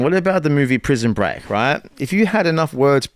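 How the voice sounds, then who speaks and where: With a fairly high, lively voice, a young streamer haltingly reads cards out loud, restarting lines and slipping into casual chatter. The recording has no echo.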